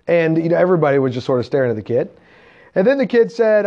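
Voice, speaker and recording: Male camp preacher, lively storyteller, slightly high, dull recording. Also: quick pace. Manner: animated, acts out voices in anecdotes. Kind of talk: storytelling sermon. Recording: dull lo-fi sound.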